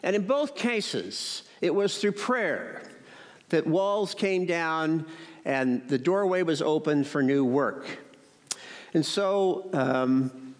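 A man preaching as pastor, speaking warmly to children. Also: fairly high pitch, animated, slow. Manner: storytelling to children. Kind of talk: sermon. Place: church. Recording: echoey church hall.

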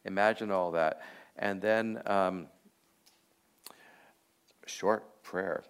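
A man teaching a class, leading a guided meditation on a Bible passage in a reflective, unhurried way with frequent filler pauses. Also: low-pitched, fairly even intonation, clean tone.

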